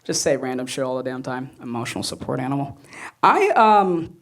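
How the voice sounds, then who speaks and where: A young man's mid-range voice moves fairly quickly through a stand-up comedy set on a club stage as the audience laughs. He tells lively stories and acts out the voices of the people in them.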